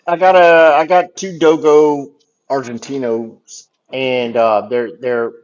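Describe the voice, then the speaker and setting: A man's voice: medium pitch, steady tone, slow pace. A man chatting casually on a live stream, rambling and swearing freely with lots of fillers. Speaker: livestream co-host. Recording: dull lo-fi stream audio.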